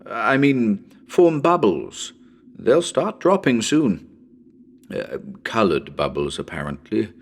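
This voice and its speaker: A man's voice: lowish voice, big pitch swings, slow pace. Theatrical man reading a horror tale. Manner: theatrical, chatty asides to listeners, sudden calls and laughs. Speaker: narrator. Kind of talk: dramatic horror story reading.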